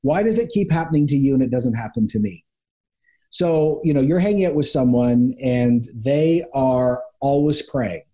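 A pastor talking as an interview guest, telling stories and acting out quick little voices of other people. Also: male voice, medium pitch. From Canada. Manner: animated storyteller, acts out quick voices of people. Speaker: pastor and author, podcast guest. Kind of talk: conversational interview.

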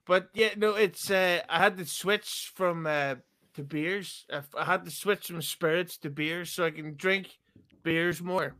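A man, a podcast guest trading deadpan, absurd jokes in casual chat. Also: sits high, unhurried. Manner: joking, absurd deadpan quips.

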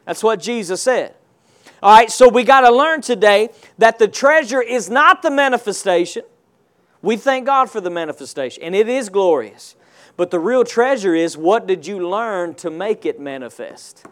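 A man preaching a sermon, calling on the congregation to answer back and stressing points with slow, emphatic delivery. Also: sits high, lively intonation. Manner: call-and-response preaching, rising to emphatic shouts.

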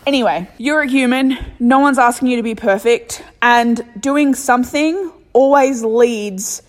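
A young woman with an Australian accent hosts a solo self-help podcast. She talks bluntly and motivationally and swears freely, in a voice pitched a little high. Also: a little slow, in a large hall, faint music behind. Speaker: podcast host.

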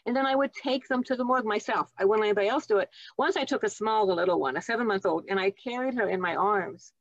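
A woman's voice: medium pitch, quick pace, dry recording, highs cut off. A woman in her seventies, a guest on an interview show, telling reflective and heartfelt stories from her nursing life. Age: 70s. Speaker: guest, nurse and author. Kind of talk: storytelling interview.

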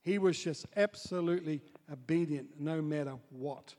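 A man preaching a sermon as pastor, dropping to soft asides and building up to loud, excited storytelling. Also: a little high, moderate pace. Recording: long hall reverb.

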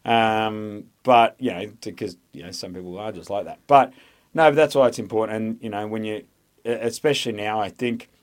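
Man, Australian accent, podcast guest, blunt and profane, somewhat low pitch. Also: normal speed. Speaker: podcast guest, former soldier. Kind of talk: casual conversation.

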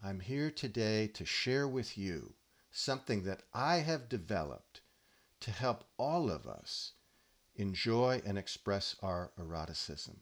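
A man hosting a podcast, giving a deadpan comic monologue with mock-earnest, solemn delivery. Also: fairly low pitch, unhurried. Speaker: podcast host.

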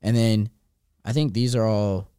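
A young co-host from Austin talks in a relaxed, easy way with plenty of fillers. His voice is smooth and resonant, and it sits in a dry studio sound. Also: on the low side, a little slow, no echo. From Austin, Texas. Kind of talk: casual podcast chat.

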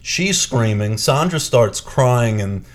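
A man's voice: mid-range voice, takes it slowly. A man co-hosting a podcast, telling a story in casual chat and acting out the people in it. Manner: animated, acts out quoted people; chatty, with restarts and fillers. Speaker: podcast co-host.

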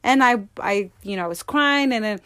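A married woman telling a personal story as an interview guest, acting out quoted dialogue with animated voices. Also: a little high, normal speed, smooth, no echo, studio quality. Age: adult, married.

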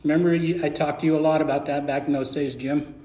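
In a church sanctuary with an echoey sound, a middle-aged pastor preaches a sermon, telling a story and acting out its dialogue. His voice is fairly high, steady, fast and dark in tone.

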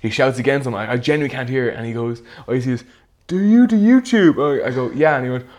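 A man's voice: medium pitch, racing. A young man who makes videos, chatting casually with lots of fillers. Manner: animated storyteller, filler-heavy. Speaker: video creator. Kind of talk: casual chat.

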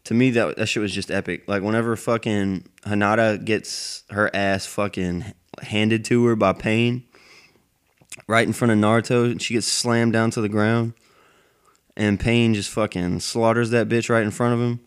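A man's voice: fairly low pitch, fairly even intonation, normal speed, smooth. A man rambling in a casual monologue, cursing heavily as he goes. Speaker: anime fan vlogger.

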